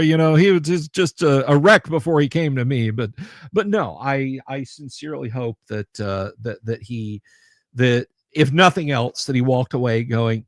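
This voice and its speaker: A man's voice: medium pitch, moderate pace, dry recording, studio quality. A middle-aged man hosting a livestream in casual chat, telling a story, acting out other people's lines and stammering through restarts when sincere. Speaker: livestream host.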